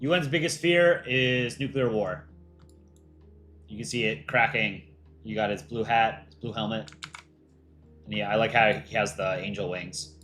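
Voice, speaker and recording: A man's voice: fairly low pitch, a little slow, pauses often, fairly bright tone. A man hosting a casual livestream, reading out fan art entries and reacting with light jokes.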